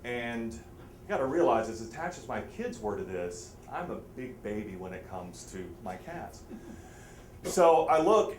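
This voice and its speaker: Animated man telling a comic story. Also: a little hiss or hum. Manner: animated, self-mocking, voice jumps high when excited. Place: live storytelling event before an audience. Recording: roomy hall with faint ambience.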